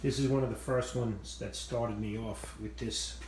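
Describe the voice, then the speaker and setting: A man's voice: medium pitch, fairly even intonation, normal speed, a little mellow, roomy sound, slight background noise. A man rambling casually through a vlog tour of his machine shop, self-mocking and swearing freely. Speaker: channel host showing his machine shop.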